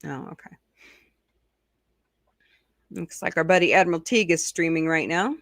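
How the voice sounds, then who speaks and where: A woman's voice: lowish voice, normal speed, no echo. A middle-aged woman hosting a casual live stream, chatting and answering viewer comments. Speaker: host.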